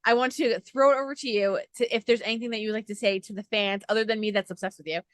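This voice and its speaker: A woman interviewer with a slightly high voice gushes at her guest in a casual, chatty way. Her sound is dry and close, with no room in it. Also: steady tone, fast, no echo. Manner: gushing, chatty, many fillers of "like". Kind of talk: casual chat.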